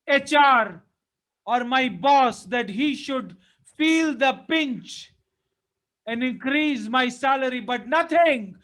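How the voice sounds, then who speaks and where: Very high-voiced, slow, fervent male preacher. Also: a bit bright, low-quality recording. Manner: fervent, emphatic preaching in short repeated phrases. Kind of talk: sermon.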